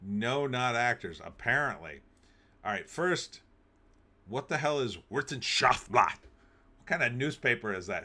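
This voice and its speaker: A man's voice: mid-range voice, expressive, measured pace, pushed and bright. A man hosting a live stream, reading news aloud and cracking wry, jokey asides with frequent laughs.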